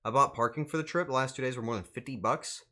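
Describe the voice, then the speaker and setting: A man's voice: medium pitch, quick pace, pushed and bright. A young adult man chatting casually on a livestream, joking in mock outrage and swearing freely. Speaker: streamer.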